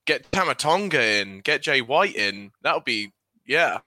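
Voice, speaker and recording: Slow, lively, bright-voiced man. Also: mid-range voice, no echo. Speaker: podcast co-host. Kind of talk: casual chat.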